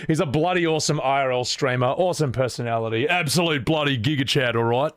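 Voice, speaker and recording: Man, livestreamer, casual chat, blunt, profane, exasperated, dry close sound, mid-pitched voice. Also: fast talker, few pauses, a bit bright, no echo. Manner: blunt, profane, exasperated venting with frequent restarts.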